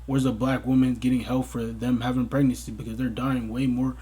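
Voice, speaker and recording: Young guy ranting on his vlog, husky voice, cussing a lot and getting worked up. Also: medium pitch, fairly quick. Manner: profane, exasperated, animated outbursts. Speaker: commentary vlogger. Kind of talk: casual ranting commentary.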